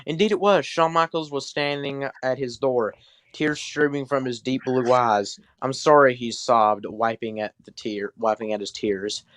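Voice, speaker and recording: A man's voice: medium pitch, steady tone, a little slow, fairly bright tone, clear, resonant tone, dry recording. A man hosting a comedy podcast, reading fan fiction aloud with sarcastic, swearing asides. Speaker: podcast host.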